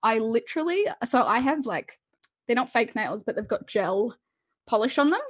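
A woman's voice: fairly high pitch, expressive, moderate pace, breathy edge, dry recording, studio quality. A woman co-hosting a podcast, chatty and self-mocking as she rambles through stories. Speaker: podcast co-host. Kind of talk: casual chat.

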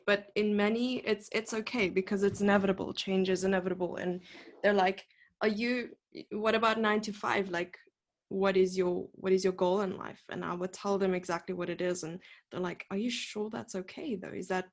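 Giggly South African woman chatting. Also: medium pitch. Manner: giggly, rambling, self-deprecating. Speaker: chess coach, podcast guest. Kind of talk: casual podcast chat.

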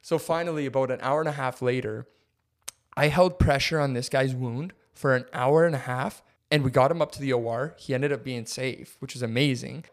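A young man co-hosting a podcast, telling a story casually and acting out quotes with big jumps in his voice. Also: brisk. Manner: animated, acts out quotes with big pitch jumps. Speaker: podcast co-host.

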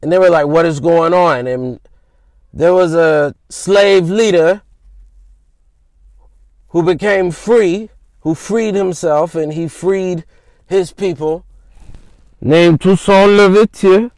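A man's voice: high-pitched, slow pace, long pauses, darkish tone, no room sound. A man hosting a podcast, telling history in a casual, slangy, conversational way. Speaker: podcast host. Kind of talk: informal history storytelling.

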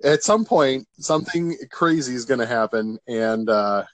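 A man hosting a casual chat, relaxed and amused, using "like" often as he talks. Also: mid-range voice, a little slow. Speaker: host.

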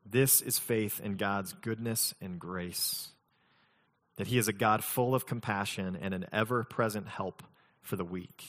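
Low-voiced male pastor in a reverberant hall. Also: a little slow, fairly bright tone. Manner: conversational, mixes scripture reading with humorous personal stories. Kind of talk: sermon.

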